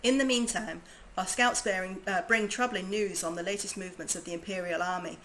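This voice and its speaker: A woman's voice: mid-range voice, fairly even intonation, fairly quick, fairly bright tone, a little hiss or hum, lightly acted, rough recording. A woman voicing a grave veteran army commander from a game, reading the lines in a formal, earnest way. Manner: formal, earnest read-aloud.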